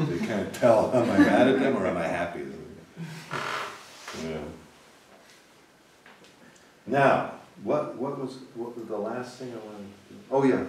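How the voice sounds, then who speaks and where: A man teaching a piano class, coaching students with sudden loud bursts of praise and quieter guidance. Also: fairly low pitch, moderate pace, slight background noise. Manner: animated, loud bursts of encouragement then soft guiding. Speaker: piano professor. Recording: echoey room, voice from a distance.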